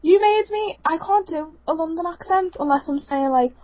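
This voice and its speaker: Young female co-host, high bright voice, giggly and chatty. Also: moderate pace, poor audio. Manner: giggly, laughs often. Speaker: podcast co-host. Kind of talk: casual chat among friends.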